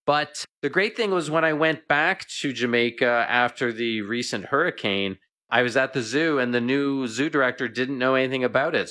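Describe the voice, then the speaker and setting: A middle-aged man, a veterinarian guest, chatting and telling animated stories in a radio interview. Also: medium pitch.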